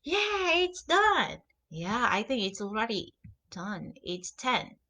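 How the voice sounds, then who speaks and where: A woman's voice: fairly high pitch, big pitch swings, takes it slowly, sharp tone. A young woman teaching English vocabulary in a casual lesson, repeating each new word and example sentence aloud.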